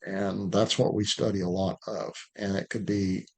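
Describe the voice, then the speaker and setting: A man's voice: deep voice, moderate pace. A man answering questions in a live online dog training session, talking loosely and acting out what he says to the dog, over a video call. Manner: relaxed, conversational, acts out what to say to the dog.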